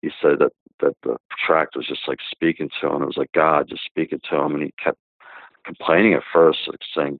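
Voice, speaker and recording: A man's voice: a bass voice, fairly even intonation, brisk, vocal fry, dry recording. A man in his fifties giving a rambling spoken testimony as a guest, with many fillers and restarts. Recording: tinny phone-line sound, dry.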